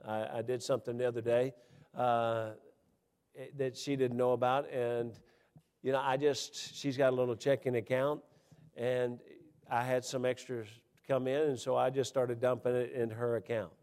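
Animated preacher in an echoing hall. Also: male voice, normal speed, clear, resonant tone. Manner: animated preaching with wide swings in pitch and loudness, folksy asides and chuckles. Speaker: pastor. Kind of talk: sermon. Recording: long hall reverb.

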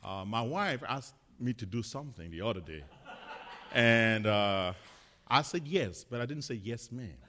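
A man, a missionary, sharing testimonies in church in a chatty, halting way with many fillers. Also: medium pitch, expressive, sharp tone, big-room sound, slight background noise. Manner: chatty, many fillers and restarts, laughs often.

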